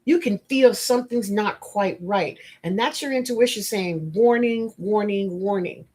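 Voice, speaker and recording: Husky-voiced woman coaching bluntly. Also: mid-range voice, lively intonation, unhurried, darkish tone. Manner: emphatic, blunt, with frank asides; storytelling and preachy, addressing listeners directly. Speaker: spiritual life coach and podcast host. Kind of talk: motivational podcast monologue.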